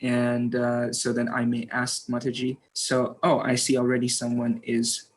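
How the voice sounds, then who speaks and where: A man's voice: medium pitch, completely flat delivery, a little slow. A man hosting a webinar, polite and hesitant, with many fillers. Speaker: webinar host. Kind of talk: moderating a webinar.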